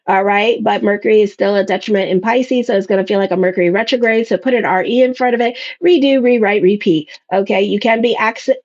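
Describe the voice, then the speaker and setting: Brief: middle-aged woman, casual astrologer, chatty and rambling, slightly high voice, dull lo-fi sound. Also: a little mellow. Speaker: astrologer giving a monthly reading. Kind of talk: casual monthly horoscope reading.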